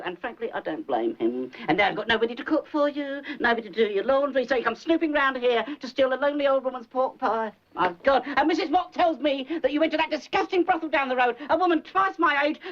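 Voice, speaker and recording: An actor playing a nagging old psychic mother. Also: lightly acted. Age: older. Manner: fussy, gossipy, rambling, theatrical swoops in pitch. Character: nagging, overbearing elderly mother posing as a psychic. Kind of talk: 1970s film comedy acting. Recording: dull old film soundtrack with faint hiss.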